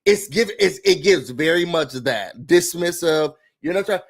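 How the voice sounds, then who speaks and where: High-pitched sassy man ranting. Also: a little slow. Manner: animated, sassy, cursing, acts out quotes. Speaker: reality TV recap host. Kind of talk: casual rant and recap.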